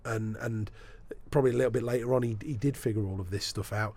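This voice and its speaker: A man spins anecdotes from a career in sports broadcasting. He talks at a middling pitch in a relaxed interview, and he slips into the voices of the people in his stories as he goes. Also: quick pace. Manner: lively storyteller, acts out the people he quotes. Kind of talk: anecdotal storytelling in a podcast interview.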